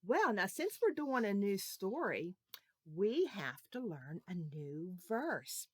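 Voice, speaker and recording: A woman teaching a children's Sunday school lesson, talking slowly and playfully, coaxing the kids to repeat after her. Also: mid-range voice, sing-song, no echo, studio quality.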